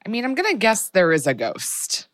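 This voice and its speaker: A woman's voice: mid-range voice, huge pitch swings, fairly bright tone, no room sound, clean studio sound. A woman co-hosting a podcast, reacting with short replies and playful guesses. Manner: quick reactions, laughs and guesses. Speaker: podcast co-host. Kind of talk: casual chat.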